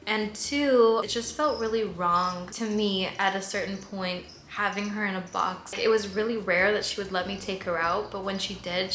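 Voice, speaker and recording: A young woman in her twenties chats to her viewers, her voice bright and forward. She fills her talk with "like" and stays easygoing. The room rings a little, and faint crickets chirp in the background. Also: mid-range voice, reverberant, slight background noise. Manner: chatty, tearful at times, lots of "like". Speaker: vlogger. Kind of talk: casual Q&A chat to camera.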